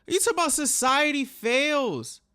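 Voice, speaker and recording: A man hosting a reaction video, talking casually and reacting out loud, agitated and swearing often. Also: very high-pitched, big pitch swings, a little slow.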